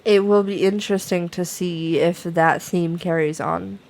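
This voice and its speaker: A young adult woman with a slightly low voice co-hosts a relaxed book review. She rambles through her thoughts, stacking fillers and restarting sentences. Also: a little slow, gravelly. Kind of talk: casual book chat.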